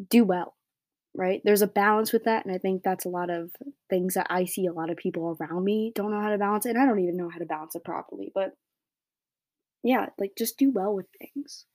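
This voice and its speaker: Teen girl ranting on her podcast, blunt, says like a lot, mellow dry sound. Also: mid-range voice, no room sound. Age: teens. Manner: blunt, rambling, heavy filler words. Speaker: podcast host. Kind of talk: solo opinion rant.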